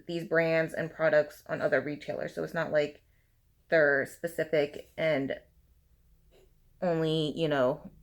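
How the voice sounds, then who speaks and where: A woman's voice: low-pitched, unhurried, pauses often. A woman in her thirties ranting casually about a shopping letdown while applying makeup, talking in a loose stream full of fillers. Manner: animated venting, heavy use of fillers like "you know" and "like". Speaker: beauty vlogger. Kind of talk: casual ranting get-ready-with-me chat.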